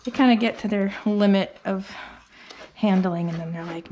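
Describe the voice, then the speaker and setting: A woman grooming a dog, talking casually and coaxing it softly as she works. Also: mid-range voice, normal speed, a little hiss or hum. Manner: soothing and coaxing, talks to the dog. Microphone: phone.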